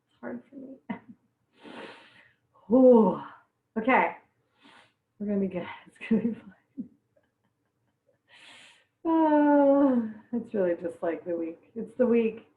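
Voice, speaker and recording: A woman's voice: medium pitch, moderate pace, pauses often. A young woman teaching a cooking class who chats and laughs while her eyes water from onions, with frequent exclamations. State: teary-eyed from onions. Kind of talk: live online cooking class. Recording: echoey, distant, phone-like sound.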